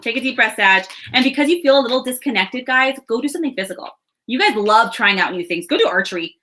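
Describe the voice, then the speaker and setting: Woman in her thirties, tarot reader, bright tone; chatty, reassuring delivery straight to camera. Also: on the high side, expressive, fast talker. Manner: chatty, reassuring, laughs and sighs between thoughts. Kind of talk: casual spiritual reading.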